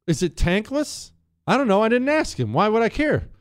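A man's voice: sits high, big pitch swings, moderate pace, dry recording, studio quality. A man hosting a talk show, ranting in a sarcastic, exasperated monologue.

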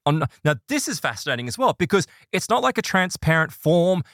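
A man's voice: a little fast, no room sound. A man spins a ghost story for a podcast, his voice swooping up and down as he acts out what people said. The sound is close and dry, with no room around it. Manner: animated, voices quoted people in higher pitch. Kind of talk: casual storytelling chat.

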